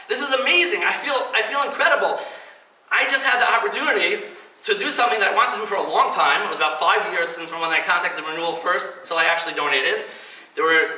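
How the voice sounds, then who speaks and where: A man's voice: high-pitched, bright, forceful tone. A man in his thirties giving a personal speech at a kidney donation event, telling his story earnestly and acting out the voices he quotes. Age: 30s. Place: event hall. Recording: echoey hall, mic at a distance, faint noise.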